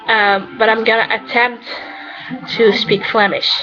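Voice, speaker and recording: A woman's voice: on the high side, flat delivery, unhurried, lo-fi sound. Chatty Dutch woman vlogging over music. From Netherlands. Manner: chatty and rambling, many "you know" fillers. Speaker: vlogger answering questions about her character. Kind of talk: casual chat.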